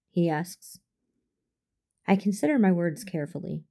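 A woman reading a first-person fan fiction story aloud in a measured, formal, restrained manner. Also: fairly low pitch, steady tone, creaky, warm tone. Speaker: audiobook reader.

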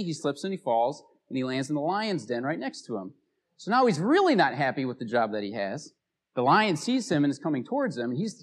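A man preaching a sermon as a pastor, telling stories in a casual, conversational way. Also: a little high.

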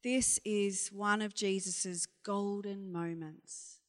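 A woman's voice: mid-range voice, steady tone, takes it slowly. A woman giving an informal sermon, candid and conversational, asking frank exasperated questions. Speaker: preacher. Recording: long reverb of a hall.

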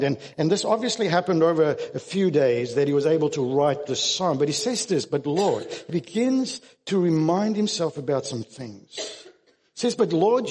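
A man's voice: a little high, big-room sound. A man preaching a sermon as pastor, earnest and emphatic, often restarting his words.

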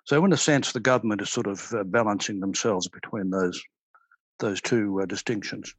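Older man, retired officer guest, low husky voice, dry close sound, measured explainer. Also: no room sound, poor audio. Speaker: retired army brigadier, guest. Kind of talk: podcast interview.

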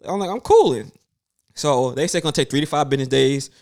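Animated man in his thirties telling a story. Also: medium pitch, very fast. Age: 30s. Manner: animated, acts out other people's lines, swears freely. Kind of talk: casual storytelling chat.

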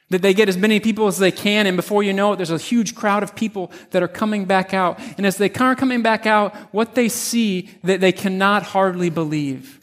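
A male pastor with a notably high voice preaches a narrative sermon, retelling a scene vividly in the second person. He talks with frequent restarts and repeated words.

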